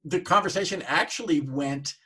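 Chatty male podcast host, husky voice. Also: on the high side, pushed and bright. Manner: quick, chatty storytelling, sound effects in his anecdotes. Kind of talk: casual interview chat.

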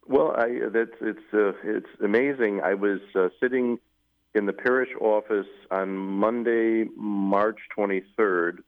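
A middle-aged man, a newly appointed Catholic bishop, telling his story at length in a measured way, with fillers. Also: on the low side, steady tone. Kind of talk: interview storytelling. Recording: tinny phone-like radio audio.

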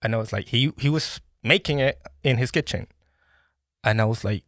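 A man from Colombia, a native Spanish speaker, telling his story as a podcast guest in an animated way, often restarting his sentences. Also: mid-range voice, moderate pace, dry recording, studio quality. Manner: animated, restarts often, bursts into laughing exclamations. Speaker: podcast guest, brand founder. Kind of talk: casual interview storytelling.

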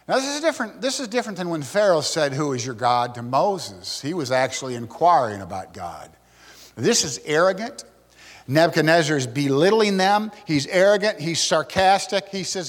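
A man preaching an expository sermon from the pulpit, animated, swinging between loud outbursts and hushed asides. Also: fairly high pitch, normal speed, big-room sound. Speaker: pastor.

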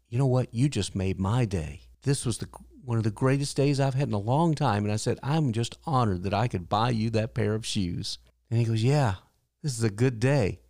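A man's voice: medium pitch, a little mellow, no room sound, clean studio sound. An older man hosting a podcast, telling a personal story in an earnest way and lifting his voice when he quotes people. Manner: earnest, acts out quotes in a raised voice. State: widowed, grieving but hopeful. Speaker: podcast host.

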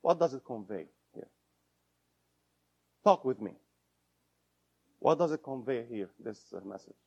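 A man's voice: medium pitch, lively intonation, a little slow, vocal fry, highs cut off. A man giving an interactive lecture, repeating his points and asking the audience questions as he goes. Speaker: instructor.

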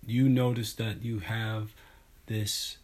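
A man in casual chat, thoughtful and analytical, speaking in halting, searching phrases. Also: on the low side, little pitch movement, darkish tone.

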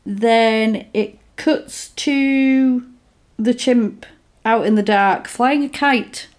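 A woman, casually retelling a film plot and acting out the characters' lines in quick voices. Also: a little high, a little mellow. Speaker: film recapper.

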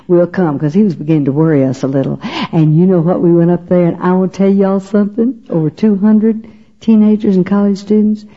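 An older woman gives her personal testimony to an audience in a folksy storytelling style, often asking "you know what?". Her voice is fairly low, steady and brisk, captured in a dull lo-fi recording.

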